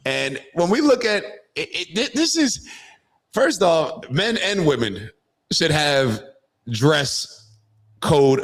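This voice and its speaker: Male podcast host, casual talker, meanders through his points with ums and restarts. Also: medium pitch. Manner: rambling, thinking aloud with many fillers. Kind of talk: casual political chat.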